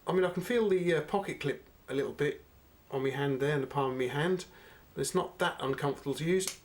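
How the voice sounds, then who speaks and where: Chatty man reviewing a knife. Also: fairly high pitch. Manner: chatty, unhurried, addresses viewers as guys. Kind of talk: casual product review.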